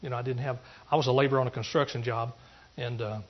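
A pastor from East Texas giving an earnest testimony sermon, rambling through restarts and rising into emphatic preaching. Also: male voice, mid-range voice, steady tone, fast, lo-fi sound.

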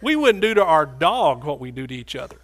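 A man's voice: fairly high pitch, very animated, brisk, a bit bright. A man preaching a sermon in a folksy, joking way.

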